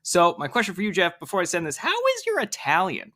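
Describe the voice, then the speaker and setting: Bright-voiced man, playful. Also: high-pitched, big pitch swings, fast. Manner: joking, laughs easily. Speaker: podcast co-host. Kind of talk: casual chat.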